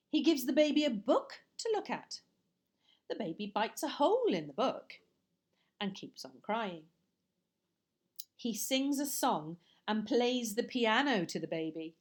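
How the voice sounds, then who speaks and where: A woman reading a picture book aloud to children, expressive and slipping in chatty asides and whispers. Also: mid-range voice, unhurried, long pauses.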